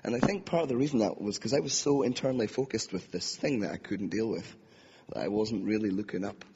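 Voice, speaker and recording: A husky man speaks earnestly from behind a podium and gives a reflective personal testimony. His words carry a long reverb across the hall. The recording sounds dull and lo-fi. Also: fairly low pitch, fast, a little mellow. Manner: earnest and reflective, acts out inner voices. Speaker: preacher.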